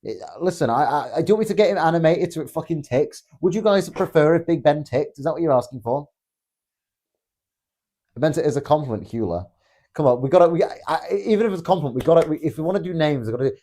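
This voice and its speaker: Blunt, sweary man with a mellow voice. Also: a little high. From Britain. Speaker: political streamer reading chat. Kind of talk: casual live-stream chat.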